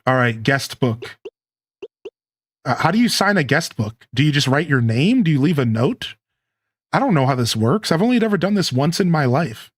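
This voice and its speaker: A man live-streaming a modded life-sim game, chatting casually to his viewers and himself in a relaxed, slangy way. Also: fairly high pitch, normal speed.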